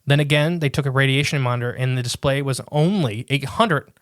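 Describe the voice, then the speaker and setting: A man's voice: medium pitch, no echo. Man, podcast co-host, rambling casual talk, dry close sound. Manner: rambling, reads quotes haltingly. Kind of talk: casual chat and reading aloud.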